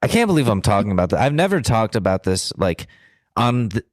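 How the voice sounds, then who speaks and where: A man's voice: fairly low pitch, very animated, brisk, no echo, studio quality. A young man co-hosting a podcast, telling a candid story in a blunt, profane, self-deprecating way. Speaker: podcast co-host.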